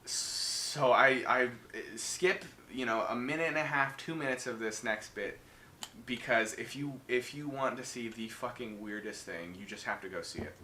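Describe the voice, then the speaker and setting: A man co-hosting a podcast, telling horror movie plots in casual, profane, animated chat. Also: mid-range voice, moderate pace. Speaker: podcast co-host. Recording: echoey room with faint noise.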